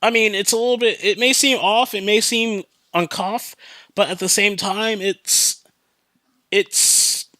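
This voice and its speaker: A man's voice: high voice, fairly even intonation, a little slow, sharp tone, no echo. A young man hosting a podcast, telling a story in a loose, profane, rambling way with many fillers, and growing earnest on serious topics. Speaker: podcast host. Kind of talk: casual rambling monologue.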